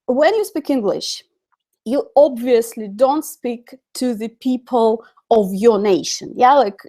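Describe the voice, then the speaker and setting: A woman's voice: on the high side, warm tone. A woman with a Russian accent, a native Russian speaker, teaching an online English lesson in a chatty way full of fillers and self-corrections. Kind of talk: live-streamed online lesson.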